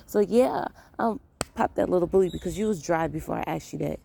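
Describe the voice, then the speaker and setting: Gravelly low-voiced woman telling a story. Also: brisk, dark tone. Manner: rambling, repeats phrases, quotes people in voices. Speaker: mother of young kids. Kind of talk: casual storytelling vlog.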